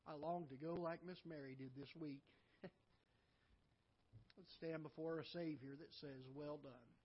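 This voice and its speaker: A man preaching a sermon as pastor, swinging from loud emphatic lines to soft low asides. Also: steady tone, takes it slowly, breathy edge, lo-fi sound. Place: church auditorium.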